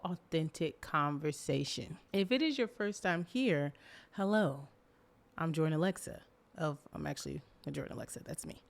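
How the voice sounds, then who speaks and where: A woman's voice: fairly low pitch, darkish tone. A young woman hosting a casual solo podcast, talking expressively with dramatic emphasis and frequent laughter. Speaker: podcast host.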